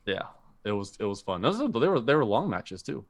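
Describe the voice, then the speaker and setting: A man's voice: mid-range voice, very animated, fairly quick, crowd noise. A man co-hosting a podcast, chatting casually about movies and rambling with lots of fillers and restarts. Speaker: podcast co-host. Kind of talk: casual chat.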